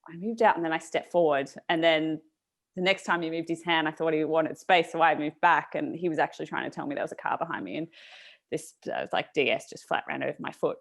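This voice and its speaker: A woman cycling journalist talks quickly on a podcast, telling a rambling story with a lot of tangents. Her voice sits a little low for a woman. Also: creaky. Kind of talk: podcast discussion.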